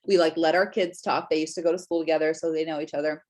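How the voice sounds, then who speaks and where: A woman's voice: low-pitched, fairly even intonation, fast, few pauses. Chatty young woman giving sales tips. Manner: chatty, lots of fillers and "right?". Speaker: Scentsy consultant giving business tips. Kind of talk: casual chat to camera.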